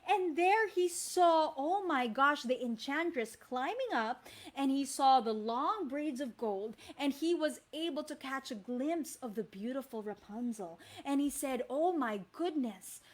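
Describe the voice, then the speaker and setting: Animated female teacher, live storytime for kids, unhurried and high-pitched. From Philippines. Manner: animated, addresses kids directly.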